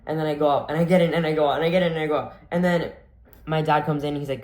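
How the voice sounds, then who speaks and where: Rambling through a storytime vlog, a man chains his breathless sentences together with "like" and "and then." His voice sits on the high side, steady in tone, very fast and a little mellow, echoing in a reverberant room.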